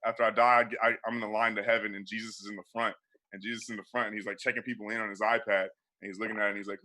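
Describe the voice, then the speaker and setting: A man's voice: lowish voice, flat delivery, very fast, sharp tone. A young man doing a loose, profane stand-up comedy set over a video call, laughing at his own jokes.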